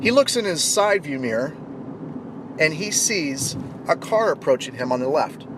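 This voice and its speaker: A man's voice: a little high, normal speed. Man telling a story over traffic noise. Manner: animated storyteller, acts out shouting quotes. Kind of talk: motivational storytelling monologue.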